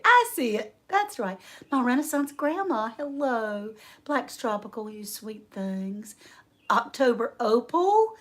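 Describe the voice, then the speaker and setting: Slow, chatty woman hosting a livestream. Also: a little high. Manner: chatty, laughs often, reads viewer names aloud. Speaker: homestead channel host. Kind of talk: casual livestream chat.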